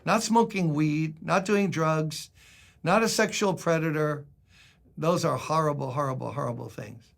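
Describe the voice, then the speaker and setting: A man's voice: a little high, unhurried, gravelly. An older man, a pastor, giving a devotional sermon in a conversational style, acting out quoted lines with dramatic emphasis.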